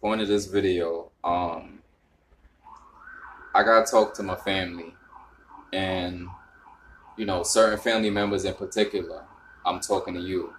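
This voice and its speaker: A young man from the northern United States with a New York accent talks straight to camera in a relaxed vlog. His voice sits low, and he wanders through fillers and restarts. When he hits his explanation he climbs higher and gets louder. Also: a little slow, long pauses, slight background noise. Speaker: vlogger. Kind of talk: casual talk to camera.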